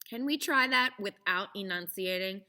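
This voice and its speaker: A young adult woman teaching theater to children, encouraging and speaking with clear enunciation. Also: medium pitch, normal speed, bright, forceful tone. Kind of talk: children's lesson.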